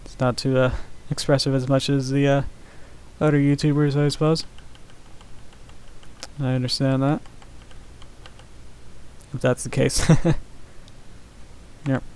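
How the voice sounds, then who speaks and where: A man talks in an even monotone at a middle pitch while he works on an animation. He chats quietly with his stream audience and fills his pauses with "uh" and "like". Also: clean tone, poor audio. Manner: soft-spoken, mumbling, many fillers. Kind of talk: casual live-stream chat.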